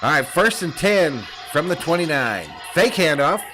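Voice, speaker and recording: Man, live stream play-by-play, chatty, jokey, slightly high voice, faint music behind. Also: lively intonation, normal speed. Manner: chatty, jokey, laughs often between chat reads. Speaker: streamer doing live play-by-play and reading chat. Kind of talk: casual live-stream commentary.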